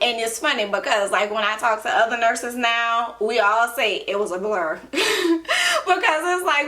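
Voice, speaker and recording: Chatty bright-voiced woman. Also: on the high side. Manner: chatty, loose storytelling with frequent fillers. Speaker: ER nurse and beauty blogger. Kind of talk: casual personal vlog. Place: room at home.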